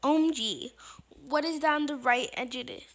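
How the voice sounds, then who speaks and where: A woman narrating her game role-play with dramatic, excitable and often frightened exclamations. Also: sits high, moderate pace. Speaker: game player.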